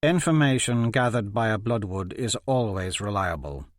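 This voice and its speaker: A man's voice: lowish voice, animated, moderate pace, no room sound, natural voice. A man voicing a cold, sneering male assassin with a dry, assured delivery.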